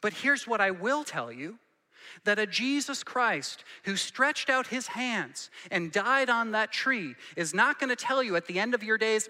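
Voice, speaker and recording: A man's voice: high-pitched, animated, a little slow, bright, forceful tone, long reverb tail. A man preaching a sermon as a pastor, conversational, asking rhetorical questions and repeating key lines for emphasis, in a church sanctuary.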